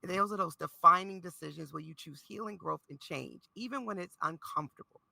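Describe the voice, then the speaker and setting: Very bright, gravelly interview host. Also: mid-range voice, brisk, dry recording. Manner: encouraging, playful wordplay. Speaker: host, therapist and life coach. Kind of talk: interview hosting.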